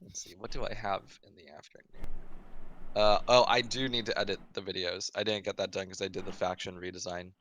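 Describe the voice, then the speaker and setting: Man, bright slightly low voice, rambling team lead. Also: flat delivery, fairly quick, slight background noise. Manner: rambling, full of "like" and "I mean". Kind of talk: casual team stand-up meeting.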